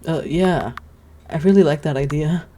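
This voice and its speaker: A woman's voice: sits low, moderate pace, mellow, a little hiss or hum, lightly acted. A woman doing a shy little scarecrow boy. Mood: eager. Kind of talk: reading game dialogue aloud.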